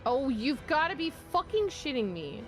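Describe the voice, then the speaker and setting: A woman's voice: high-pitched, big pitch swings, moderate pace, soft background music. Woman swearing at a video game. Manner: swears freely, blurting reactions at the game. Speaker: co-host streaming a game. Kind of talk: casual gameplay chat.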